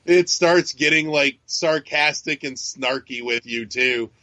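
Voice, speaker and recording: A man co-hosts a podcast, chatting casually with lots of rambling, swearing, fillers and restarts. His voice sits on the high side with a sharp tone, and he takes it slowly. There's no echo, though the recording sounds dull and lo-fi.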